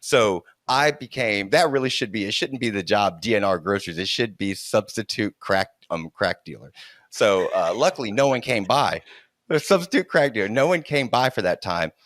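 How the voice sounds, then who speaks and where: A middle-aged man telling a childhood story in casual conversation, animated and laughing often, restarting his sentences as he goes. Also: lowish voice, moderate pace, no room sound, studio quality.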